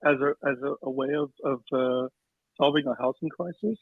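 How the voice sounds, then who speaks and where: A man calling in to a podcast, asking a question haltingly and searching for words. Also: medium pitch, no room sound. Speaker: caller. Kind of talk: call-in question. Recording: tinny phone line.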